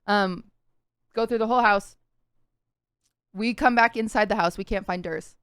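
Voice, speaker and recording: Young woman, podcast co-host, smooth clear voice, dry close sound, earnest storytelling, lots of "like". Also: mid-range voice, moderate pace, a bit bright, no echo. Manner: earnest, vivid retelling with frequent "like" fillers.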